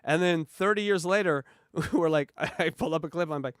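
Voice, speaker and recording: Podcast guy joking around, a bit high voice, dry room. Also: moderate pace, clean tone, no echo. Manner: joking, laughs often. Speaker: podcast host. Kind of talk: casual podcast chat.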